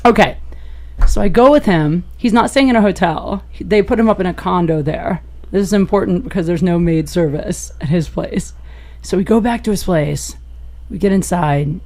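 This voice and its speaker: A woman comedian, a podcast guest, telling a raunchy personal story in an animated way and laughing as she goes. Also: moderate pace. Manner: animated, gets loud and high-pitched as the story peaks; laughs through her own story.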